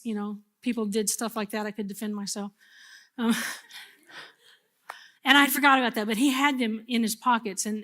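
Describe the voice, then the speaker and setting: A woman pastor in middle age preaching to her congregation. She tells a personal story with humor and animation, and her voice sits high. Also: fairly bright tone. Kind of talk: sermon.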